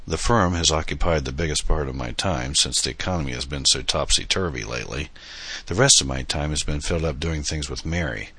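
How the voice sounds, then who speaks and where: A man's voice: rumbling low, a bit bright, breathy edge, dry recording, exaggerated voice. A man voicing a genial older uncle in an audiobook, speaking fondly and teasingly to his niece. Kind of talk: audiobook dialogue.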